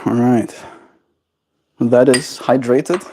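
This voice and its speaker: A man's voice: mid-range voice, steady tone, extremely slow, dark tone, a little hiss or hum. A man streaming casual chat while cooing affectionate baby talk to his pet bird at home.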